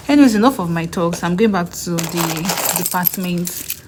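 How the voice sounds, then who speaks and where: A young woman with a Nigerian accent telling stories casually in a vlog, often acting out what others said in a higher voice. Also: expressive, moderate pace, a little mellow, a little hiss or hum. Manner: chatty, acts out others' lines in a higher voice. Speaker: vlogger and graduate student.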